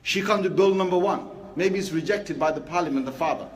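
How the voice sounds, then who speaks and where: High-voiced preacher. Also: male voice, a little fast. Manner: lively and conversational, asking the crowd rhetorical questions. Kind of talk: Friday sermon.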